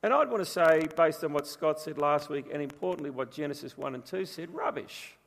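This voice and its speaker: A man's voice: on the high side, fairly quick, gravelly. A man preaching a sermon as pastor, telling stories in a chatty, humorous way. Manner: chatty storytelling with humour. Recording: long reverb from a large room.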